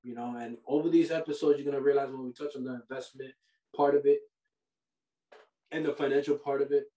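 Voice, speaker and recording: A man hosting a podcast. He gives money advice in a casual, animated, preachy way, full of slang like "bro" and "yo". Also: medium pitch, brisk, far from the mic. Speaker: podcast host. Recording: roomy sound from off the mic.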